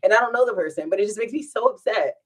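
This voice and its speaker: With a mid-range voice, a woman vlogger races through a rambling story while chatting casually at home. She's animated and keeps breaking into laughter.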